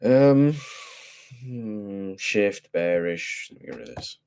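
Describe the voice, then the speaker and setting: A man's voice: fairly low pitch, sing-song, slow pace, gravelly, a little mellow, smooth. A young man casually talking through forex charts, thinking aloud in profane, slangy speech. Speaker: forex trader.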